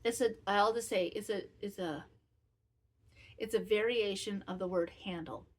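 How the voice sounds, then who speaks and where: A woman's voice: medium pitch, normal speed. Woman, fifties, knitting podcast host, casual personal chat, candid, rambling. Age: 50s. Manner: candid, self-critical, rambling with restarts.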